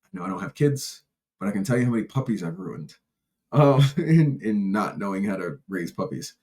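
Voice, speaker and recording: A man with a somewhat low voice talks through a solo podcast episode, rambling and candid. He restarts sentences often, drifts between stories and drops casual profanity as he goes. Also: big pitch swings, moderate pace, vocal fry, a little mellow. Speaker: podcast host.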